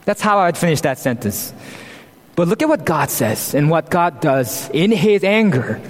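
A man with a high voice preaches a sermon, earnest and emphatic in his delivery. His words ring out with a long reverb, as if in a large church hall. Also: very animated, normal speed. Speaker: pastor.

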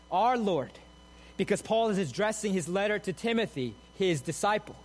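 High-voiced man preaching a sermon. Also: normal speed, low-quality recording. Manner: emphatic, builds to soaring repeated phrases; explains the text in a steady teaching tone. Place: church sanctuary.

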